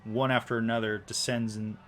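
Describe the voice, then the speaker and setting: A man narrating a tabletop game as game master, halting often with ums and restarts. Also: on the low side, flat delivery, fairly bright tone, a little hiss or hum.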